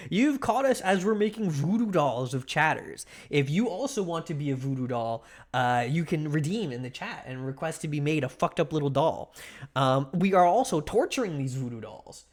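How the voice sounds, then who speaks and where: A man's voice: fairly high pitch, lively intonation, normal speed. A young man chatting on a livestream while sculpting clay dolls, teasing viewers in a rambling, playful way with lots of restarts and laughs. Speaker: streamer.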